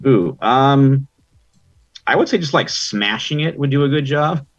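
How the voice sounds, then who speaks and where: A man's voice: mid-range voice, expressive, measured pace, dull audio. A man narrating a tabletop game as game master, chatty and loose, with many ums and likes.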